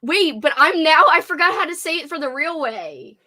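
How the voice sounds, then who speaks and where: A woman's voice: high-pitched, animated, moderate pace, sharp tone. A woman with a New Orleans accent hosting a casual livestream chat, giggly and playful, teasing herself. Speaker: livestream host.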